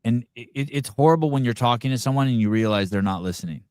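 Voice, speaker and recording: A man's voice: medium pitch, fast, darkish tone, smooth, no room sound, clean studio sound. A man hosting a podcast, chatting casually with a guest, swearing now and then. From California. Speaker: podcast host.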